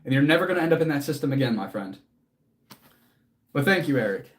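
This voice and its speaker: A man's voice: medium pitch, lively intonation, fast. A man hosting a casual livestream as a fitness coach, answering chat in an earnest, motivational way, casually swearing and close to tears.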